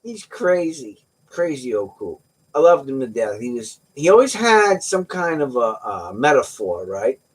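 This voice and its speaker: Animated husky-voiced joking man. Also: mid-range voice, moderate pace. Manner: joking, rambling storyteller. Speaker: livestream host. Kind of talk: casual chat with viewers.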